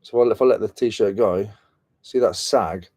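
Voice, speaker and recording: A man's voice: lowish voice, normal speed, noisy background. A British man chatting casually and slangily on a reselling live stream, mocking himself as he goes. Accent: British English. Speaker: reselling vlogger.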